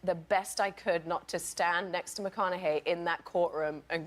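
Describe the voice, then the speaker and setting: A woman with a London English accent tells stories as a talk show guest, animated and quick to giggle. Her pitch swoops widely from line to line. The audio carries a clear layer of noise. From England. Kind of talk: chatty anecdote telling.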